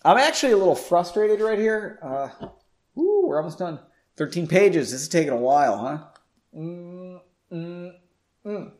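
A young man with a high, sing-song, slightly mellow voice reads his own story aloud at an unhurried pace. He keeps breaking off for joking asides, chatty and laughing at himself in a self-mocking way.

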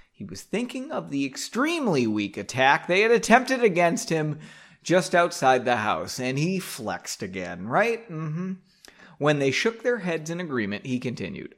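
Male podcast host reading his own novel casually; self-mocking, profane asides; animated and a touch high. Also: unhurried. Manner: joking, self-deprecating, swears often. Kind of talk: casual book reading with tangents. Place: home basement.

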